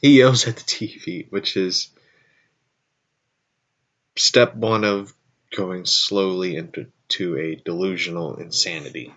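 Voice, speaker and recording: Over dull audio, a show host speaks slowly in a low but fairly bright voice, pausing often. His casual story wanders, full of self-corrections and asides.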